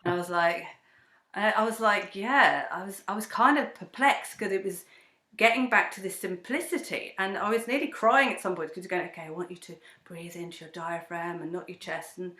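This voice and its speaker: A woman's voice: mid-range voice, brisk. Woman telling stories in an echoey room. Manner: animated storytelling, acts out quoted voices. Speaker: breathwork teacher and singer-songwriter guest. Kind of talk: conversational interview.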